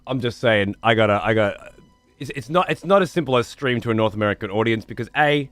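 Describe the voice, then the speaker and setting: With a voice on the low side and no echo, a man rambles to his stream viewers in casual chat. He swears freely and repeats words as he works through his thoughts.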